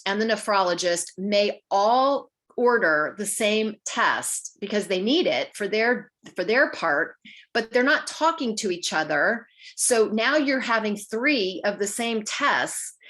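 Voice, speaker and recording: A woman's voice: on the high side, a bit bright. Woman giving practical hospital advice. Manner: practical, conversational, acts out short dialogues. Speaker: patient advocate speaker. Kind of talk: informal talk to community group.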